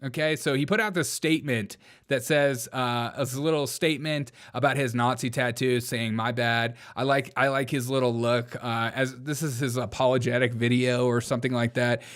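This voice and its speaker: A man's voice: mid-range voice, steady tone, moderate pace. A man hosting a casual political commentary show, sarcastic and joking, often breaking into laughter. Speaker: show host.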